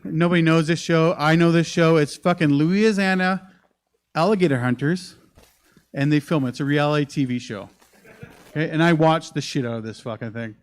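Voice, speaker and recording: Working a comedy club crowd, a man at moderate pace rambles through a foul-mouthed, lively story in a live stand-up set. His voice sits somewhat high for a man, heard through a handheld stage mic.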